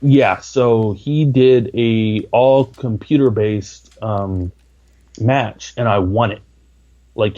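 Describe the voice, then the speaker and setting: A man's voice: lowish voice, warm tone, muffled recording. A man talking as a podcast guest, rambling with lots of filler words. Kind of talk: casual interview talk.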